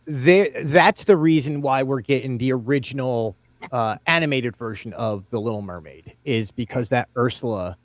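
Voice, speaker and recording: A man hosting a casual group chat, animated and quick to laugh as he steers the talk. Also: mid-range voice, no room sound. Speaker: podcast host.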